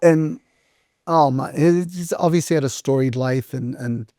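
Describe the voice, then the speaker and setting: A man's voice: mid-range voice, unhurried, dark tone, dry recording, studio quality. A middle-aged man, a restaurant owner, telling stories in a casual interview, acting out the voices of people he quotes and swearing freely. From United States.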